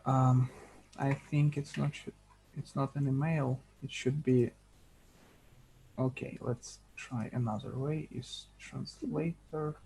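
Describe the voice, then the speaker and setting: A man with a Slavic accent on a video call, speaking in a hesitant, halting, apologetic way. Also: medium pitch, fairly even intonation, gravelly, dark tone, slight background noise. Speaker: working group organizer. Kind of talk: casual video call chat.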